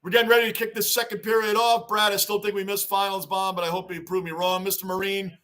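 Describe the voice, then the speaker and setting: Middle-aged male stream host, high-pitched, excitable, chatty, repeats lines for emphasis. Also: fast talker. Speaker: livestream host reading fan chat. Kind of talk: casual livestream chat. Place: home basement.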